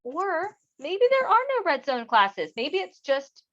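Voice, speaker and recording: A woman's voice: high-pitched, very animated, slow pace, fairly bright tone, lo-fi sound. A woman teacher giving a lesson on emotions, acting out feelings expressively for her students.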